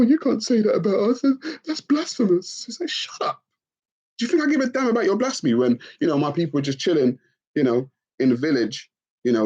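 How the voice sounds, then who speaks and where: Guy ranting on a live stream, husky voice, pitch all over, kinda dull lo-fi sound. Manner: expressive, mocking, swings into shrill put-on voices. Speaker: livestream host. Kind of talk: animated live-stream rant.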